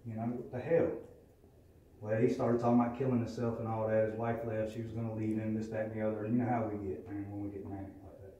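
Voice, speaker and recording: A man tells his story at a recovery meeting, blunt and profane. His voice is dark and mellow, caught from a distance in a very echoey room with a faint murmur behind. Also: lowish voice, flat delivery, fast, hardly any pauses, lo-fi sound. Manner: candid, profane, plainspoken storytelling. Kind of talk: personal testimony.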